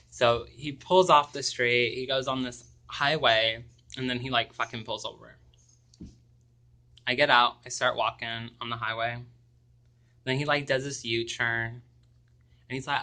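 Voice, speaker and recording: A young man telling a personal story to camera, halting and hesitant, with many pauses and ums. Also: medium pitch, fairly even intonation, pushed and bright. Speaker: vlogger.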